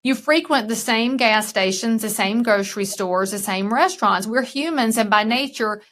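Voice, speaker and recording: A woman's voice: on the high side, normal speed. A woman with a Southern US accent, a real estate broker talking frankly in a podcast interview. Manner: frank, lively storyteller.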